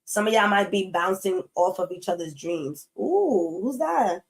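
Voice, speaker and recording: This tarot reader's voice is medium-pitched and expressive, with a measured pace and rough recording quality. Loose and chatty with her viewers, she's blunt, curses freely, and repeats herself for emphasis.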